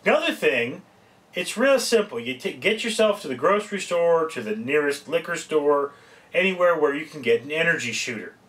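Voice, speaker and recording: A man's voice: a little high, big pitch swings, normal speed, a bit bright, recorded from a distance. A man giving casual, rambling, folksy advice in a home vlog, often breaking off mid-sentence to correct himself. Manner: rambling, folksy, self-interrupting. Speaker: vlogger.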